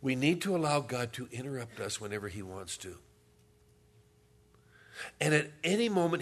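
A pastor giving a sermon in a conversational, humorous storytelling manner. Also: male voice, a little high, expressive, fast talker, long pauses.

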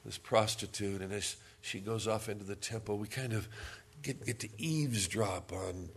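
A man's voice: lowish voice, normal speed, breathy edge. A man preaching a sermon as pastor, telling a story and then reading scripture aloud with rising force.

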